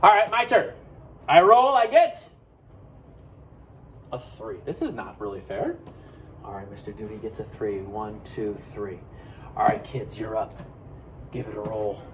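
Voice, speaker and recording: A man teaching kids a math board game, talking loudly and playfully. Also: on the low side, unhurried, pauses often, heavy background noise. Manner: loud, excitable, playful.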